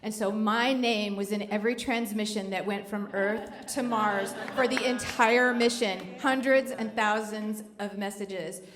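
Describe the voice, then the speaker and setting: A woman's voice: medium pitch, fairly even intonation, unhurried, few pauses, a bit bright. A middle-aged woman telling a true story on stage to a live audience, in a wry, conversational, joking way. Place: live venue before an audience. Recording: echoey live hall.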